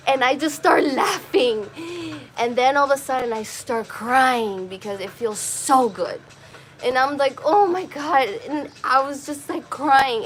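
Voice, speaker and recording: Emotional rambling woman telling a story. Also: high voice. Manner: emotional, rambling, swears freely. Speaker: podcast host. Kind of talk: personal storytelling.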